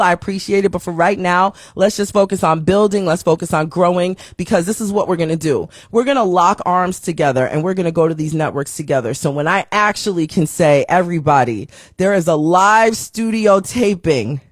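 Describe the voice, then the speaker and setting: A woman's voice: on the low side, fairly quick, few pauses, dry recording, clean studio sound. A woman hosting a livestream show, talking straight to her viewers in a casual sign-off and slipping into sing-song phrasing now and then. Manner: animated, talks straight to viewers.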